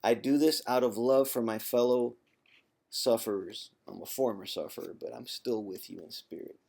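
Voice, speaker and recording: A man speaking straight to camera in a casual vlog monologue, at an ordinary middle pitch for a man. His delivery is emphatic and teasing, the tough love of a former sufferer coaxing others along, and he often pauses to clear his throat. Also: a little mellow. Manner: conversational, with frequent throat clearing. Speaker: former chronic pain sufferer giving advice.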